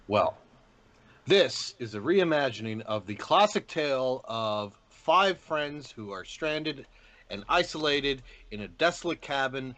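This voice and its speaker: A man in a loose podcast conversation about a film, with a middle-pitched voice. He rambles along, leans on "uh" and "like," and swears casually as he sums things up. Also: a bit bright. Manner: rambling, filler-heavy, swears freely. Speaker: podcast co-host. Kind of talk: casual movie review chat.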